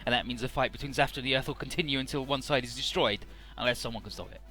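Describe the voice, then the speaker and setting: A man's voice: medium pitch, rapid-fire, sharp tone, soft background music. A man casually recapping a video game story for his let's play, chatty and full of "uh" and "he's like".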